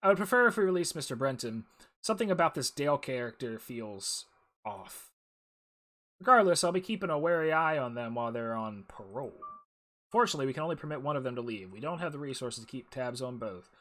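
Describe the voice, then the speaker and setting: A man's voice: mid-range voice, big pitch swings, fast, fairly bright tone. A man voicing a stern, by-the-book male jungle ranger officer, reading game dialogue aloud in a formal briefing tone.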